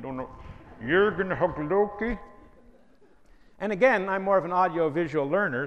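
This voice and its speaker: A man with a gravelly, fry-edged voice preaches with emphatic humor. Long reverb from the hall trails his words. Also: a little high, lo-fi sound. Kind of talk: sermon.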